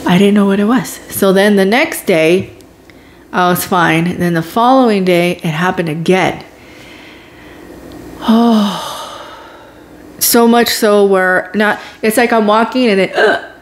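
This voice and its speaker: A woman vlogger telling a personal story in a casual, animated way, dropping to whispers at tense moments. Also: mid-range voice, measured pace, a little hiss or hum. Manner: animated, dramatic retelling with whispered asides.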